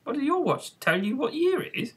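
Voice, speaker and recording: A reader doing a squeaky, meek March Hare. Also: very animated, a little fast, a bit bright. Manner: meek and plaintive. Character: meek, dull-witted March Hare, an animal. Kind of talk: amateur audiobook reading.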